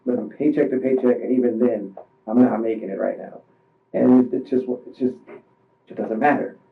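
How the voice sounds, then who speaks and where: A man's voice: mid-range voice, creaky. Distressed man, tinny distant recording. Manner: halting, rambling, full of restarts. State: distressed, voice strained. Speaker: suspect in police interrogation. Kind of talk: recounting events under questioning. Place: police interview room.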